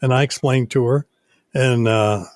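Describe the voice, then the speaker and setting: Brief: older man, radio station owner, unhurried storyteller, mid-pitch, dry recording. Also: fairly even intonation, darkish tone, dry recording. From United States. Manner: unhurried storytelling, many "uh" pauses. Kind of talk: casual interview chat.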